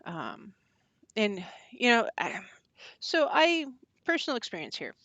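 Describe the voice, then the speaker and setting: A woman who practices witchcraft, talking casually on a livestream and answering chat. She talks haltingly, with many fillers and restarts, and makes wry, blunt remarks. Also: a little high, very animated, fairly bright tone, no echo. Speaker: pagan witch hosting a channel. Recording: dull lo-fi dry sound.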